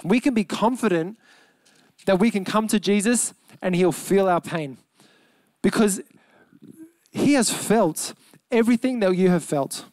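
A man's voice: high-pitched, no room sound. Earnest Australian man preaching, dry sound. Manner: earnest, emphatic preaching with slowed, softened key words. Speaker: pastor. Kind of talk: sermon.

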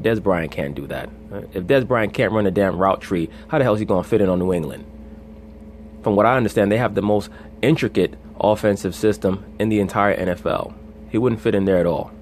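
Low-voiced blunt male sports vlogger. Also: darkish tone, a little hiss or hum. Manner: blunt and profane, opinionated. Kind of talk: casual sports commentary.

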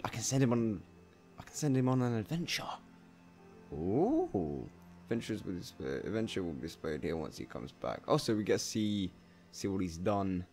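Man swearing through a lively game commentary. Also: on the low side, gravelly. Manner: chatty self-talk, swearing, bursts of exclaiming. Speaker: gameplay commentator. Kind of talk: let's play commentary.

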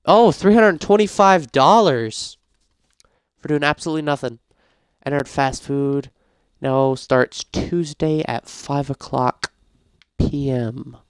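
Game commentator, male, mid pitch, smooth clear voice, dry close mic, chatty and prone to frantic outbursts. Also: takes it slowly, dry recording. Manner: reads game prompts aloud, grows frantic and shouty. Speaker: gaming YouTuber. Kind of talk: casual let's-play commentary.

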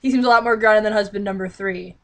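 A woman vlogger reads a novel aloud, breaking off into exasperated, sarcastic commentary mocking it. She talks fast in a fairly bright, medium-pitched voice with a steady tone.

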